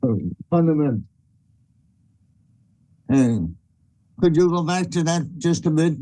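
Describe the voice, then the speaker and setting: A male teacher with a slightly raised pitch talks slowly as he stops the class to point out an error. He corrects the pronunciation gently and then lets the lesson go on. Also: expressive, low-quality recording.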